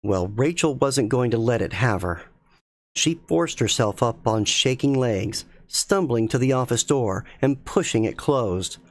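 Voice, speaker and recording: A man reading a spooky story aloud in a slow, measured, suspenseful way as a streamer. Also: medium pitch, expressive, dry recording.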